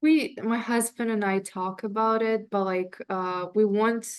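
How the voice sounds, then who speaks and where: Female client, mid pitch, dry sound; hesitant, halting replies full of fillers. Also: clean tone, dry recording.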